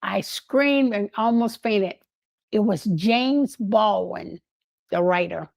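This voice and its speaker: An older woman telling lively anecdotes in a casual way, laughing often and acting out what others said. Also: mid-range voice, slow, vocal fry, dry recording. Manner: animated, laughing, acts out quoted voices. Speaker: guest storyteller.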